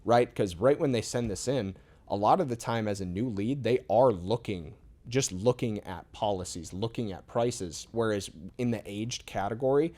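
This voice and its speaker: A man with a fairly low voice talks casually and upbeat. He explains his points with everyday examples and often checks in with a quick "right?". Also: mellow. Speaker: insurance sales rep, guest. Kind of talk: casual interview talk.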